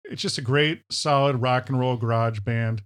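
A man's voice: medium pitch, moderate pace, a bit bright, clean tone. A man from Minnesota co-hosting a casual chat show, enthusiastic and fond of repeating the word "powerful". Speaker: podcast co-host.

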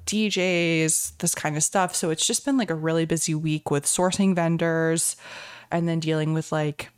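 A woman in her late twenties chatting upbeat on a podcast, her words tumbling out with plenty of "like". Her voice is a little low, and the recording is dry, with no room sound around it. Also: darkish tone, clear, resonant tone, dry recording. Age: late 20s. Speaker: podcast co-host. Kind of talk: casual chat.

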